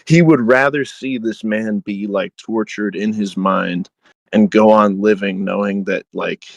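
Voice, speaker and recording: A man's voice: on the low side, fairly even intonation, measured pace, creaky, no room sound, low-quality recording. A man co-hosting a podcast, chatting casually with many fillers and reading book passages aloud with light dramatic emphasis. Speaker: podcast co-host.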